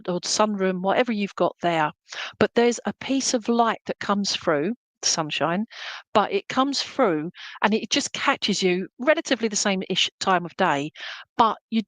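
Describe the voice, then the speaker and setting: A woman's voice: mid-range voice, dry recording, poor audio. A middle-aged woman, giving a live psychic reading. She relays messages in a chatty way and keeps checking in with "okay?" and "all right?". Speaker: psychic medium.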